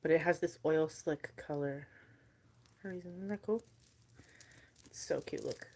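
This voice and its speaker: A young woman chatting casually on a live stream while she packs bracelet orders. She talks in a chatty, animated way and fills her stories with "like" and quoted dialogue. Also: low-pitched, unhurried, gravelly, slightly rough. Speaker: livestreamer selling handmade bracelets.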